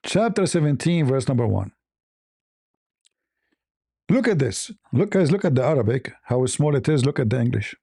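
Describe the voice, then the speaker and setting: A man's voice: mid-range voice, sing-song, normal speed, gravelly, pauses often, mellow, husky, dry recording, studio quality. A man hosting an online debate show, talking in a sarcastic, challenging way and firing rhetorical questions. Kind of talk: polemical commentary.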